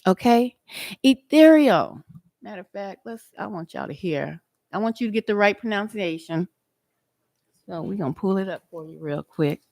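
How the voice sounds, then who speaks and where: A woman's voice: medium pitch, moderate pace, creaky, a little mellow, no room sound. A woman hosting an outdoor livestream, chatting and preaching straight to her viewers. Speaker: livestream host. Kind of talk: casual livestream chat and teaching.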